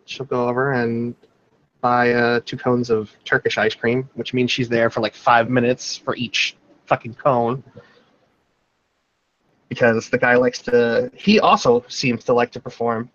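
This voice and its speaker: A man's voice: medium pitch, fairly even intonation, measured pace, fairly bright tone, no room sound, dull audio. A man playing a tabletop role-playing game, describing his character's actions in a casual, rambling way with frequent swearing. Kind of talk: tabletop role-play narration.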